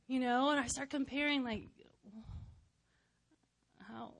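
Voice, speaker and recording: High-voiced, goofy, giggly woman preacher. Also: measured pace, a bit bright. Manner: goofy, giggly, laughs often. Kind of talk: casual personal chat.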